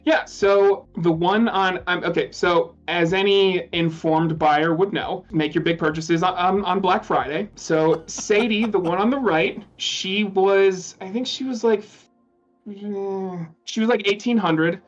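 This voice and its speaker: A man's voice: sits high, steady tone, faint music behind. A man calling in as a guest, talking candidly and ramblingly, with a lot of swearing. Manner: candid, rambling, profane, halting. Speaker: caller and guest. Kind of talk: casual chat on a call. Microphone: call audio. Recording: dull lo-fi call audio.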